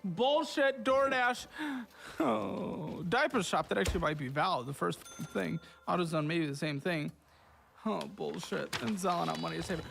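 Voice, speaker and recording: A man's voice: on the high side, a little fast, gravelly, noisy background. A man hosting from a studio, harshly berating a guest over her spending in a profane, scornful tirade. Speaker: host. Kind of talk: berating financial review.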